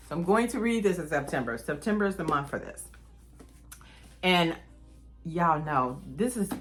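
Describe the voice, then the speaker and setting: Chatty woman vlogger, lowish voice. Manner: chatty, enthusiastic, addresses viewers as y'all. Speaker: book vlogger. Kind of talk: casual chat to camera.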